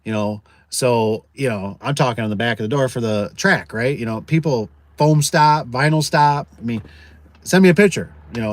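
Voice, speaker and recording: A man's voice: medium pitch, normal speed. A man who runs a garage door business, chatting casually to his live audience, rambling with restarts and reading out viewer comments. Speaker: garage door business owner, channel host. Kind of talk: casual livestream chat.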